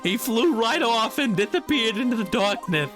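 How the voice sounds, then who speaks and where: A man's voice: very high voice, animated, moderate pace, music in the background, pitched above the performer's own voice. A man voicing a glum male circus clown in a video game, telling his story with overly earnest drama. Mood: dramatic.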